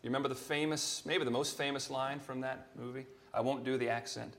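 A pastor delivering a Sunday sermon in a plain, mid-pitched male voice. He speaks earnestly and at a measured pace, lifting his voice to stress quoted scripture. The delivery sounds steady and unhurried. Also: vocal fry. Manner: earnest preaching, rising in emphasis on quoted scripture.

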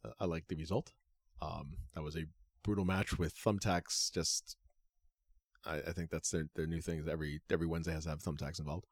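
Deep-voiced rambling man, dry sound. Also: fairly even intonation, brisk, dry recording. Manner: rambling, full of "uh" fillers, profane. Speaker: podcast co-host. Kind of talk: casual chat.

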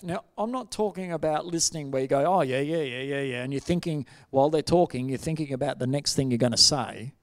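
A middle-aged man, preaching a sermon and telling stories with lively, acted-out quotes. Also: on the high side. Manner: animated storytelling, acts out quoted voices. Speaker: pastor.

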